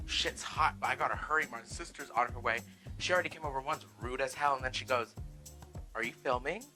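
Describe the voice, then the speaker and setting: A man's voice: medium pitch, fast, over music, rough recording. A man hosting a casual home cooking vlog, sassy and profane, calling viewers "girl" and "honey". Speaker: cooking vlogger. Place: home kitchen.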